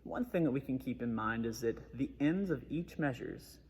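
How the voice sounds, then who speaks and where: A man's voice: medium pitch, animated, normal speed, darkish tone, breathy edge, long reverb tail. A man giving a methodical trombone lesson, explaining articulation step by step. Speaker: trombone teacher. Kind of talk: instructional music lesson.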